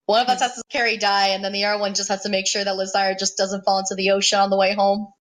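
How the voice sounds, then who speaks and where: A woman's voice: mid-range voice, little pitch movement, very fast. A woman playing a tabletop game with friends, chatty and often laughing. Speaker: player. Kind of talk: casual chat in a tabletop game.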